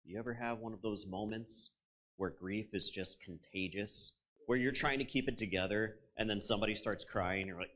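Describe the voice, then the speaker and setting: A man's voice: fairly low pitch, moderate pace, a bit bright. A man preaching a conversational sermon as a pastor, retelling a story in a reflective way and turning to his listeners with asides.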